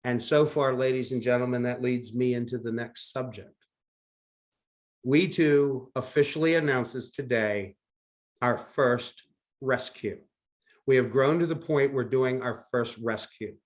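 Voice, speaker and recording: A man presenting his company on a live call, speaking earnestly and persuasively to the audience. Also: measured pace. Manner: earnest, persuasive pitch with ladies-and-gentlemen address.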